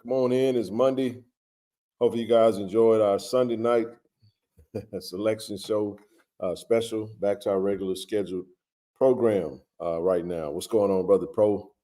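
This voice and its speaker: A man hosting a casual live stream, greeting viewers by name with a relaxed, filler-heavy way of talking. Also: on the low side, normal speed.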